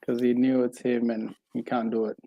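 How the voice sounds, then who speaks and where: A man's voice: mid-range voice, level tone, moderate pace, creaky, highs cut off. A man co-hosting a film podcast, reasoning through a theory in casual talk, hesitant and often repeating words.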